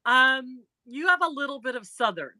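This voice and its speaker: A middle-aged woman with a northern Indiana accent hosts a crochet livestream from home. She talks in a bright, lively voice that swings up and down. She pokes fun at herself as she greets viewers, close and dry on the mic. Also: high-pitched, normal speed, no room sound. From northern Indiana, near Chicago. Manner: chatty, self-deprecating, greets viewers. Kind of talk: casual livestream chat. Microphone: laptop or phone mic.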